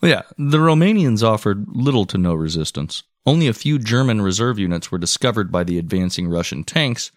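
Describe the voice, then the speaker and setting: A man's voice: lowish voice, expressive, brisk, hardly any pauses, dry recording, studio quality. A man co-hosting a history podcast, reading out his notes in a laid-back, profane way. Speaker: podcast co-host. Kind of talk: casual history podcast narration.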